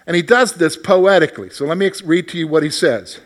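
A man teaching a Bible study lesson in a conversational way, asking his class questions and growing animated when he voices God's words. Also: on the high side, a little fast, few pauses.

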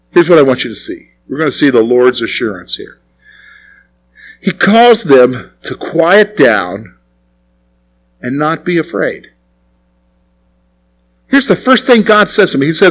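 A man's voice: a little high, very animated, unhurried, long pauses, rough recording. A man preaching a radio sermon in a conversational way, putting questions to his congregation. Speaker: pastor. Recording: recorded sermon broadcast on radio.

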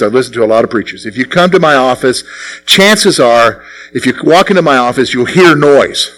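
A middle-aged man preaching a sermon as pastor, asking the congregation questions and answering them himself, with sudden drops to quiet asides. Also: poor audio. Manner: swings between raised, punchy lines and low, quiet asides.

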